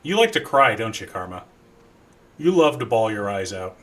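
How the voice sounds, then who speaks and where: Chatty male game streamer, bright and forceful, talking animatedly to chat. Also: fairly low pitch, very animated, normal speed. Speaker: live streamer. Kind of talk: casual live-stream chat while gaming.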